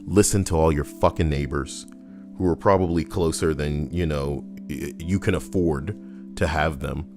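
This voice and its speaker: A man's voice: rumbling low, normal speed, over music. A man streaming, reading out comments with crude, profane jokes.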